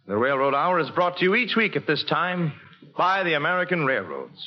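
Lively old-time radio host man. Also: fairly high pitch, highs cut off. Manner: brisk, genial, announcer delivery. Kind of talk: 1940s radio hosting.

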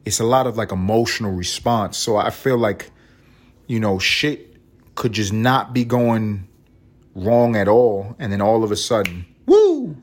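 A man's voice: fairly low pitch, steady tone, measured pace. A man hosting a podcast, talking in a rambling, profane, wry comedic monologue. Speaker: podcast host.

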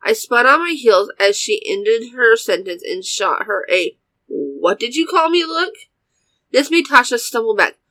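A woman reading a first-person story aloud in a plain, even delivery. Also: fairly high pitch, a little slow, no echo, poor audio.

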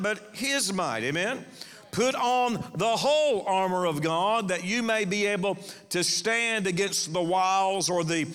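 High, bright-voiced man preaching. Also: in a large hall. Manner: emphatic, calls to the congregation. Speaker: pastor. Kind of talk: sermon.

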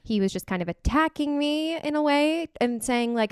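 A woman's voice: high-pitched, expressive, moderate pace, dry recording, clean studio sound. A woman hosting a casual podcast conversation, telling candid personal stories. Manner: candid, storytelling. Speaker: podcast host.

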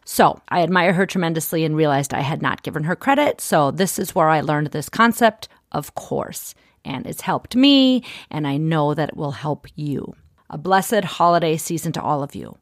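Woman, middle-aged, life coach, podcast monologue, encouraging, gently persuasive, dry recording. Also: on the low side, no room sound.

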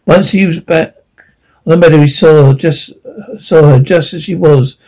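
Guy reading a kids' classic out loud, mellow kinda higher voice, stumbles a lot. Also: measured pace, low-quality recording. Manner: unpolished, with restarts and slips. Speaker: audiobook reader. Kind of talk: storybook narration.

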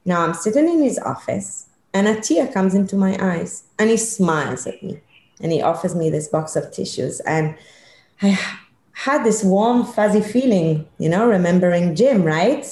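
A middle-aged woman, a leadership consultant, telling a personal story in an interview, animated and emphatic. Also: medium pitch, moderate pace. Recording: echoey room.

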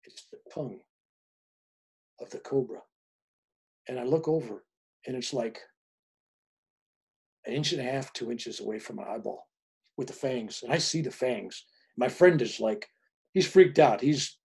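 A man in his seventies, a spiritual author appearing as a guest, who tells stories in an animated way and chuckles as he goes. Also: mid-range voice, normal speed, pauses often, breathy edge. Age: 70s. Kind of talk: casual storytelling.

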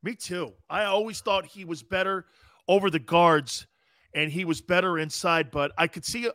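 A middle-aged man co-hosts a relaxed sports-radio conversation, asking questions and chiming in with his own memories. His voice is high for a man, and the recording is close and dry. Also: moderate pace, no room sound. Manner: conversational, asks questions, adds asides. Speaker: sports talk host, former pro player. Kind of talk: casual sports radio chat.

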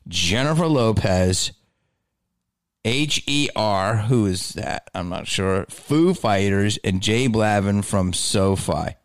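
A man's voice: low-pitched, a little slow, no echo, clean studio sound. A middle-aged man hosting a solo podcast, ranting sarcastically and swearing a lot. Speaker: podcast host.

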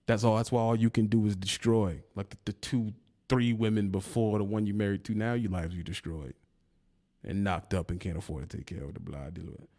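With a warm, fairly low-pitched voice, a man on a video channel goes after a rival in a heated rant. The YouTuber is taunting and confrontational and laughs mockingly.

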